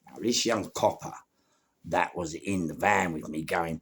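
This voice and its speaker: A middle-aged man with a London accent, telling his life story in an animated, rambling way, full of street slang and acted-out quotes. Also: deep voice, a little slow, creaky, slightly rough. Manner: acts out other people's lines, laughs at his own story.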